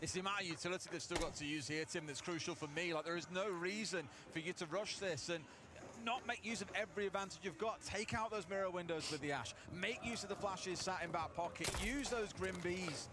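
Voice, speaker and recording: A man giving quick, emphatic color commentary as an esports analyst. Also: sits high.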